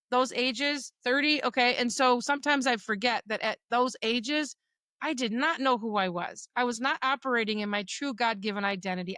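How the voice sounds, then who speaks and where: A middle-aged woman co-hosts a faith-based podcast, speaking earnestly and from the heart. Her voice is bright and slightly high. The recording is close-miked and dry, with no room sound. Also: no room sound. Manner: earnest, emotional at times, uses quoted dialogue. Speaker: podcast co-host. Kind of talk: personal faith talk.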